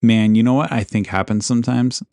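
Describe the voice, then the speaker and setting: A man hosting a podcast, casually narrating local history in a relaxed, rambling way, with asides and self-corrections. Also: medium pitch, fairly quick, creaky, no echo, studio quality. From Alaska. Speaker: podcast host.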